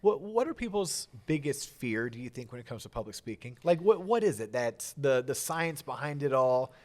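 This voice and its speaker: A man hosting a podcast interview, asking curious questions with halting restarts. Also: medium pitch, big pitch swings, darkish tone. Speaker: podcast host.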